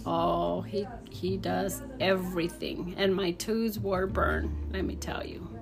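A woman's voice: fairly low pitch, slow pace, vocal fry, over music. Fervent woman telling her faith testimony. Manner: fervent, animated storyteller who acts out quotes. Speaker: guest sharing her testimony. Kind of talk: emotional personal faith testimony.

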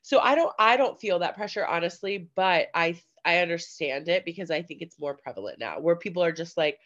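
A woman's voice: on the low side, lively intonation, a little fast, fairly bright tone. A woman co-hosting a podcast, talking casually with lots of fillers and quoted asides. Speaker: podcast co-host. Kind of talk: casual chat. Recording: slightly dull lo-fi audio.

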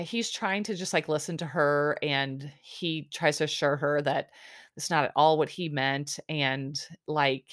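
A woman chattily recaps a reality TV episode, sharing plenty of opinions and peppering her storytelling with "like" and "um." Her voice sits low, and the recording is dry and of studio quality.

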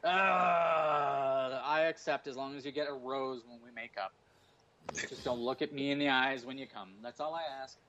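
A man's voice: medium pitch, steady tone, a little fast, a bit bright, dull audio, a little hiss or hum. A man in his forties, a stand-up comedian, chatting casually on a podcast, rambling and swearing through jokey stories. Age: 40s. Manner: profane, rambling, jokey storytelling.

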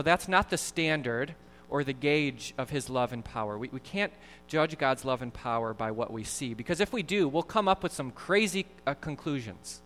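Man, pastor, sermon, high bright voice, earnest and animated, long hall reverb. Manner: earnest, animated preaching with frequent repeated words.

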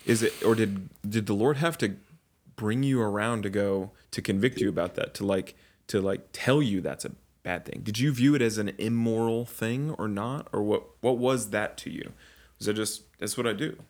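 A man's voice: on the low side, normal speed, a little mellow. A man hosting a podcast interview, listening attentively and asking thoughtful follow-up questions. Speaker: podcast host.

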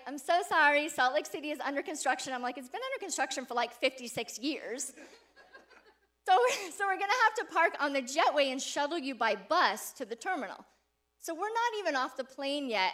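Bright, high-voiced woman preaching. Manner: animated, laughing often while telling a story. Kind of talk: sermon with personal storytelling.

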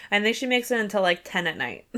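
A woman's voice: medium pitch, a bit bright. A woman podcast host reading passages from a novel aloud, then recapping them in a casual, chatty way. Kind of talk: book club reading and recap.

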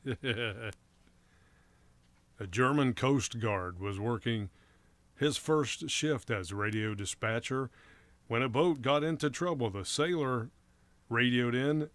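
A man's voice: mid-range voice, a bit bright, no room sound. A man co-hosting a radio show, telling jokes and short stories in an easygoing way. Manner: unhurried, easygoing storytelling. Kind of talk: joke-telling radio chat.

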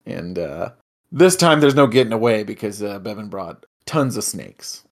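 A man co-hosting a casual chat, recapping episodes with excitable, joking asides and the odd swear. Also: fairly low pitch, normal speed. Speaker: podcast co-host.

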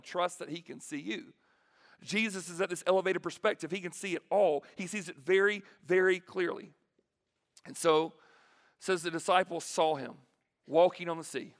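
A male preacher giving a sermon to students in a large hall, animated and joking as he acts out the scripture. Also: a little high.

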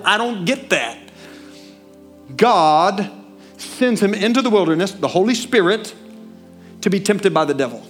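High-voiced Southern preacher. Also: male voice, normal speed, long pauses, soft background music. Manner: animated, asks the congregation questions, swings from loud to hushed. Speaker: pastor. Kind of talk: sermon. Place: church.

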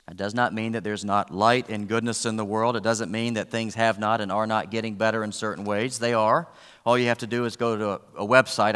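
Male pastor, sermon, fairly low voice, earnest, reverberant church hall. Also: fairly bright tone. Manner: earnest, rising emphasis on key points, wry asides.

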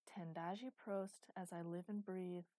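A doting older teacher voiced by a woman narrator gushes over a child in a velvety, smooth voice. The tone sits low and mellow, with a dry, close storybook sound. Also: fairly even intonation, unhurried, dry recording, lightly acted. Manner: gushing, affectionate.

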